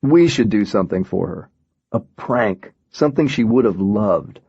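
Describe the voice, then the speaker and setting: A man voicing a blunt teenage boy in a flat, matter-of-fact way. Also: fairly low pitch, normal speed, vocal fry, slightly rough, no echo, dull audio, heavily acted. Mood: earnest.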